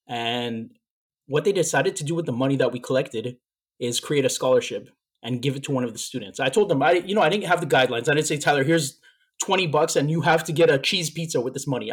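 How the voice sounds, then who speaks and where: A man's voice: medium pitch, slightly rough. A man co-hosting a casual podcast, telling a story at length. He doubles back on his words as he goes. He sounds moved and a little out of breath. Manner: rambling, repeats words while telling a story. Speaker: podcast co-host. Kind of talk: casual chat.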